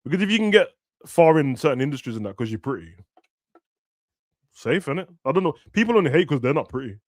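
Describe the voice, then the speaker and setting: A young man, ranting and joking as a streamer during a football watch-along, now and then shouting. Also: on the high side, very animated, quick pace, dry recording, clean studio sound. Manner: ranting, slangy, bursts of shouting. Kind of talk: casual chat over a live match.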